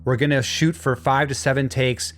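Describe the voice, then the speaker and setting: A man's voice: mid-range voice, fairly even intonation, normal speed, fairly bright tone. Encouraging male vocal coach. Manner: encouraging, demonstrates hums and sung lines. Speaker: vocal production instructor. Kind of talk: instructional course narration.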